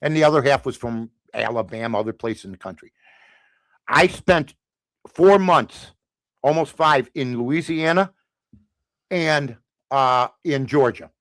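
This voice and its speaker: A man's voice: medium pitch, a little slow, long pauses, dry recording. An older man, a sports talk guest, telling stories and ranting in casual chat. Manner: animated, ranting storyteller.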